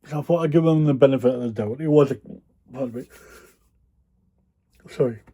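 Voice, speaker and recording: A warm, medium-pitched male voice moves briskly as this reseller vlogger casually tells viewers about items he resells. His talk rambles, with plenty of ums and the odd yawn.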